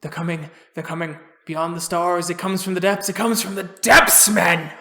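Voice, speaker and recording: A man's voice: high-pitched, little pitch movement, normal speed, pushed and bright, roomy sound, full character voice. A man voicing a dazed, frantic townsman who wakes up raving in panic.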